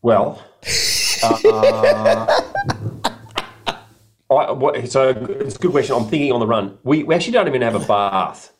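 A man's voice: medium pitch, measured pace, pauses often, crowd noise. A middle-aged man, telling a long, rambling story in a casual chat, often restarting his sentences. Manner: rambling, self-correcting storyteller.

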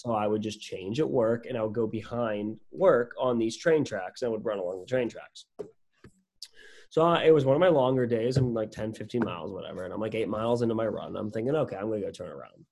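A young man co-hosting a casual podcast, telling a story in a lively way and acting out what people said. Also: lowish voice, brisk, gravelly. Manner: animated, swears casually, acts out quotes. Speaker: podcast co-host.

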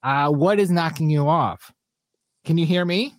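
A man's voice: fairly high pitch, a little slow, no room sound, studio quality. A man hosting a casual livestream show, greeting viewers in the chat by name and joking around. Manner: shouts out viewers, loose and joking.

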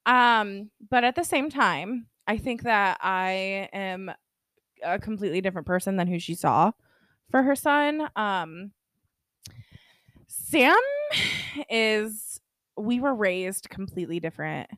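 A woman's voice: medium pitch, animated, slow pace, a bit bright, dry recording, clean studio sound. A young woman co-hosting a podcast in casual chat, frank and reactive, swearing casually. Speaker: podcast co-host.

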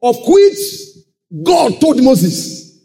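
A man preaching a sermon, calling out to the congregation and swinging into shouted and half-sung phrases. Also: very high-pitched, drawn-out words, creaky, soft background music. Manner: animated call-and-response preaching, sudden shouts and sung phrases.

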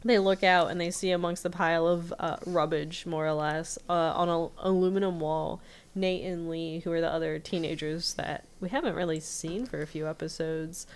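A woman co-hosting a casual podcast, recapping an episode in chatty, giggly storytelling with quick quoted voices, recorded over a remote video call. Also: fairly low pitch, fairly even intonation, clear, resonant tone. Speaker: podcast co-host.

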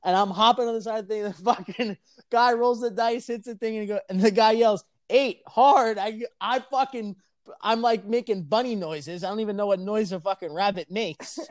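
A young man telling a casual, profane story on a podcast, animated and laughing as he talks. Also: sits high, fairly quick, no room sound. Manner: animated, swears constantly, laughs mid-sentence.

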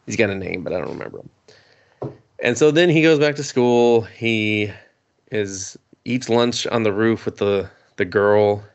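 A man with a somewhat low voice, chatting on a podcast. He rambles through a story, laughs often and slips into quick voices for the characters, swearing freely. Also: lively intonation, highs cut off. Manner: rambling, laughing, acting out characters' lines with profanity. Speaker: podcast co-host. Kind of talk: casual chat, recapping an anime.

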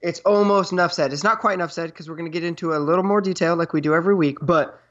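A man's voice: a little high, very fast, a bit bright. A man co-hosting a podcast in casual chat, rambling and repeating himself jokingly. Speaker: podcast co-host. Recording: dull lo-fi sound.

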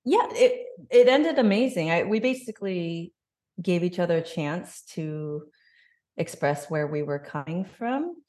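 A woman's voice: on the low side, lively intonation, unhurried, a little mellow. A woman in her thirties telling a personal story openly and reflectively in an interview. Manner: open, reflective, emotional storytelling. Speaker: podcast guest.

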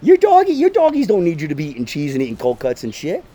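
A man's voice: fairly high pitch, fast. A man in his thirties hosting a casual podcast, telling stories loosely with swearing. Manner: swearing, animated storytelling with voices. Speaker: podcast host and comedian.

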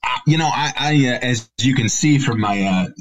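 A man's voice: medium pitch, moderate pace, a crowd in the background, rough recording. A middle-aged man chatting as a guest on a video call from his home basement, full of fillers and restarts. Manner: rambling, many fillers and restarts. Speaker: guest, company regional director. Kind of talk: casual interview chat.

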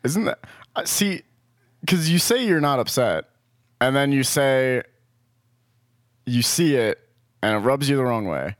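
A young man with a medium-pitched voice pushes back in casual chat, skeptical and teasing. His intonation is lively and varied. The recording is dry and close. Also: measured pace, pauses often, no room sound.

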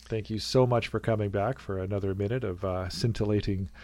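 Chatty low-voiced male podcast host. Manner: animated, jokey, quick to laugh. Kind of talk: casual chat.

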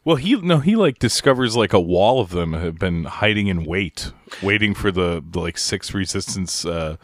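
Deep-voiced man with wry interjections. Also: animated, moderate pace, no echo, studio quality. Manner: wry interjections, fills in plot details. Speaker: podcast co-host. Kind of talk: casual movie discussion.

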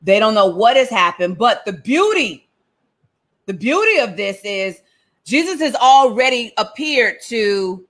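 Bible study leader, woman, high voice, lively and joking. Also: measured pace. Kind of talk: casual, humorous Bible study talk.

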